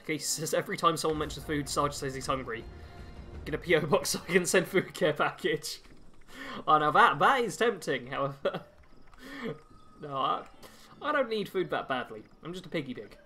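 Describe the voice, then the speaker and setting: A man's voice: fairly high pitch, lively intonation, normal speed, bright, forceful tone, soft background music. A man chatting casually while streaming a game and reading viewer messages aloud. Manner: chatty, reads chat aloud while playing. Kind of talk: casual live-stream commentary.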